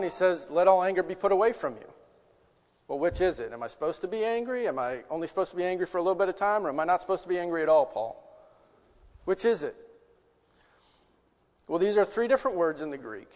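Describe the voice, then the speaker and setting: A man delivers a sermon in a slightly high voice, earnest and conversational. He asks rhetorical questions and swings between loud emphasis and hushed asides. His voice carries a long echo, as in a large church hall. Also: lively intonation, quick pace. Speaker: preacher.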